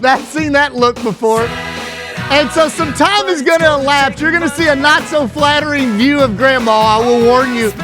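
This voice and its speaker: A man's voice: extremely high pitch, normal speed. A man with a Kentucky accent giving a folksy, joking conference keynote as a school superintendent, often asking "right?". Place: large conference hall. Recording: long hall reverb with faint music.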